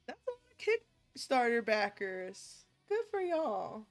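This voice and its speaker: A woman streamer signs off casually after a long game session, joking and swearing without a filter. Her voice is fairly high and her pace slow and relaxed, with faint music underneath. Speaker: VTuber streamer.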